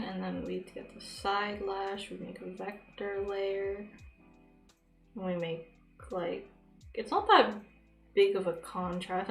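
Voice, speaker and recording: A woman's voice: medium pitch, vocal fry, fairly bright tone. A woman streamer chatting casually while she draws, rambling and tossing off sarcastic asides. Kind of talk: casual chat while drawing. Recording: roomy with faint music.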